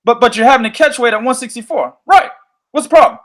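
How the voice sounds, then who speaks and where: A man hosting a boxing podcast, ranting in a loose, profane, animated way. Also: very high-pitched, quick pace. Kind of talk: casual podcast chat.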